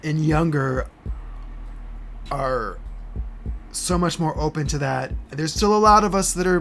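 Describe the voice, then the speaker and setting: A man streaming live, chatting in a halting, earnest way with many restarts, getting emotional as he speaks. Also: a little high, a bit bright, slight background noise. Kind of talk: casual live-stream chat.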